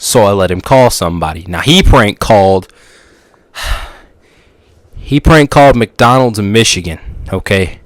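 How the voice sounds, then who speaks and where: A man's voice: fairly low pitch, lively intonation, measured pace, pauses often, no echo. Brief: male podcast host, loose goofy storytelling, dry close sound. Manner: goofy, rambling, restarts sentences. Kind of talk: casual storytelling monologue.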